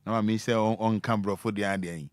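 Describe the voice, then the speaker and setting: A man's voice: on the low side, clear, resonant tone, no echo, studio quality. A man hosting a radio show, chatting casually and animatedly with teasing asides. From Ghana. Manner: animated, teasing, breaks into drawn-out sounds. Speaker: radio host.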